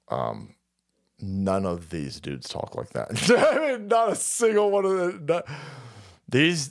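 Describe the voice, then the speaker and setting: A man hosting a livestream, ranting in a foul-mouthed, sarcastic way and often breaking into laughs. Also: lowish voice. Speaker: livestream host.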